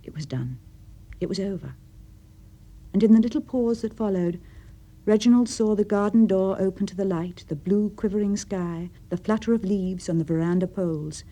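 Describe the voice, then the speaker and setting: A woman with an English accent reading a short story aloud for radio, with expressive storytelling. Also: mid-range voice, moderate pace. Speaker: reader.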